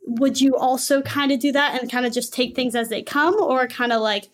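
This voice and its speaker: Woman with a really high voice, unsure, lots of kind of and like. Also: fairly even intonation, normal speed. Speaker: podcast guest. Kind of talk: casual conversation.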